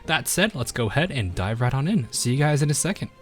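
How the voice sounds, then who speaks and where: A man, a gaming video host, reading a game story aloud and chatting about it, self-mocking and quick to laugh. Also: medium pitch, very animated, soft background music. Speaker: gaming YouTuber.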